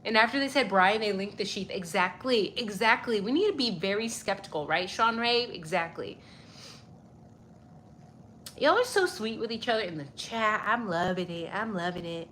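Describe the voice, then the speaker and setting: A woman's voice: a little high, expressive, normal speed, a bit bright, slight background noise. Chatty stuffy-nosed young woman livestreamer. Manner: chatty, swears freely, greets viewers by name. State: a little stuffy. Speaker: livestream host. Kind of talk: casual livestream chat reading viewer comments.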